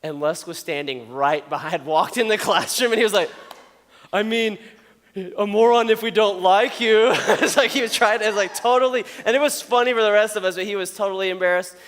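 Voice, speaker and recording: Young male youth pastor, high voice, chatty storytelling sermon, long hall reverb. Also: fast, hardly any pauses, fairly bright tone. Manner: storytelling, joking, often checks in with "okay?".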